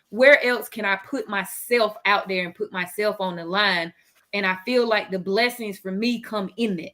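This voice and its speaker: A woman who runs a charity dress program speaks earnestly as a panelist on a radio talk show, rambling through her views with lots of fillers. Her mid-range voice sounds pushed and bright, and she talks at a normal speed.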